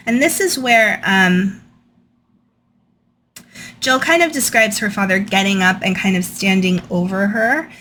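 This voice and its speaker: A woman's voice: medium pitch, measured pace, long pauses, fairly bright tone, a little hiss or hum. Chatty woman host reading and commenting. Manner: chatty, frequent "like" and "um". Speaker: channel host. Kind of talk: casual storytime commentary, reading from a book.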